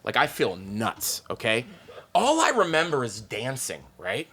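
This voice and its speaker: A man, a stand-up comedian, telling a profane, excitable story on a podcast, peppered with "like" and "okay?". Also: mid-range voice, measured pace, breathy edge.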